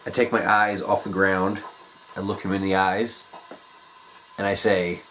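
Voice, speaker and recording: Profane, animated male storyteller. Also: deep voice, a little slow, long pauses, slight background noise, poor audio. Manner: profane, animated, swearing freely. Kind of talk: comedic personal storytelling.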